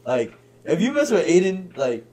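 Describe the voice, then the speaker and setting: A man's voice: sits high, moderate pace. Young guy on a podcast telling stories, voice goes all over the place, laughs a lot. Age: young adult. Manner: animated storyteller, acts out friends' voices, laughs often. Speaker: podcast guest. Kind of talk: casual storytelling chat.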